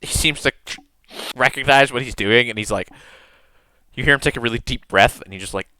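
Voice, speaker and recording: A man narrates a tabletop game as game master, wandering through descriptions with plenty of ums and uhs. His voice is bright and clear. He sounds close and dry on the mic. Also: medium pitch, a little fast, no echo. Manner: relaxed, rambling, many fillers, laughs often.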